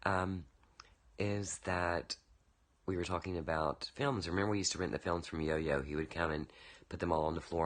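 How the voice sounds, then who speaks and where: A man recording a casual birthday video message for a friend, telling rambling anecdotes with lots of fillers into a webcam. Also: sits low.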